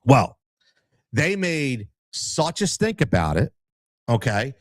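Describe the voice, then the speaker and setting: A man's voice: mid-range voice, very animated, slow, dry recording. Heated man telling a grievance story. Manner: heated, repeats himself, acts out quoted dialogue. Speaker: youth soccer coach telling his story. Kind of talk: casual storytelling, podcast interview.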